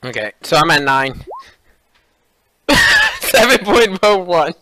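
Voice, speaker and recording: A man chatting as a player in a tabletop game, excitable and quick to swear. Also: fairly high pitch. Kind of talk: casual game chat.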